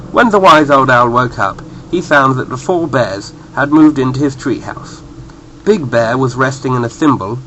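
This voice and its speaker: A man reading a children's bedtime story in a playful, expressive way. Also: medium pitch, a little hiss or hum, rough recording.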